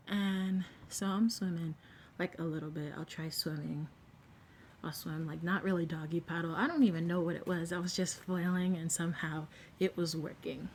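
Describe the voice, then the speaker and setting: A young woman vlogger telling a story in a casual, animated way, sometimes dropping to a whisper. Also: fairly low pitch, moderate pace, a little hiss or hum. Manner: animated, acts out quotes, drops to a whisper at times.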